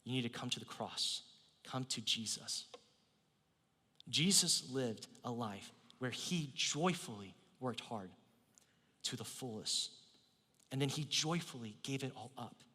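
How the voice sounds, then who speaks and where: A male pastor preaching a sermon in a church, swinging from loud emphasis to near whispers. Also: medium pitch, lively intonation, unhurried, pauses often, breathy edge, big-room sound. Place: church sanctuary.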